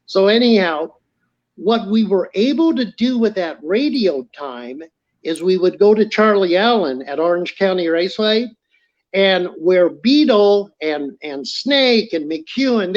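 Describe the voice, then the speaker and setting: Man, high voice, lively storyteller, slightly dull lo-fi sound. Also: unhurried. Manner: animated storyteller acting out quoted dialogue. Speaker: podcast guest. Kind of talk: casual storytelling.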